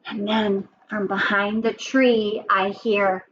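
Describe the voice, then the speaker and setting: Woman teacher, storytelling for little kids, animated, high voice, dull lo-fi recording. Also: slow. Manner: animated, asks the children questions. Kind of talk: storytelling lesson for young children.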